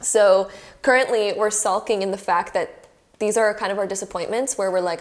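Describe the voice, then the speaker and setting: A woman's voice: mid-range voice, fairly even intonation, fairly quick. Chatty young woman giving a tarot reading. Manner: chatty and effusive, heavy use of "like", emotional. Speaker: tarot reader. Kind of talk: casual pick-a-card tarot reading to camera. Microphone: camera close by.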